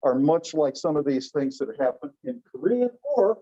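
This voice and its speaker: A middle-aged man teaching a language class in a chatty, animated way, often asking the class questions. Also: on the high side, moderate pace, lo-fi sound. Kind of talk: classroom lecture.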